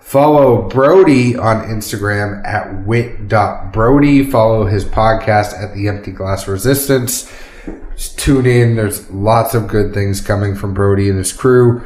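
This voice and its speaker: A man's voice: on the low side, unhurried, darkish tone. A man co-hosting a casual podcast, joking with friends and rattling off plugs for the show. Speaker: podcast co-host. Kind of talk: casual chat. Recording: echoey room.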